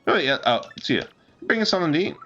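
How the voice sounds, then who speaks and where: A man's voice: a little high, very animated, quick pace, sharp tone, dull audio, soft background music, pitched above the performer's own voice. A man voicing a starving male dockhand sailor who bluntly demands food. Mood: hungry. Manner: brash, demanding.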